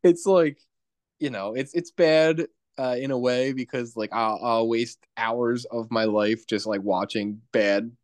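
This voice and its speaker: A young man co-hosting a podcast, talking in a relaxed, hesitant way with many ums. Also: medium pitch, unhurried, dry recording. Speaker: podcast co-host. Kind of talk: casual chat.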